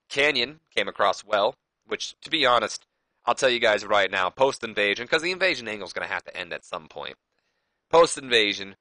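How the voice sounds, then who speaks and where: Male gaming YouTuber, casual rambling commentary; low-ish pitch, bright tone. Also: no room sound, rough recording. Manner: rambling, self-correcting.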